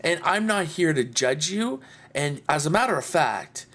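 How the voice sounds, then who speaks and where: A man's voice: a little high, sing-song, measured pace, fairly bright tone. A man talking earnestly and heartfelt to camera in a personal vlog. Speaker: video blogger.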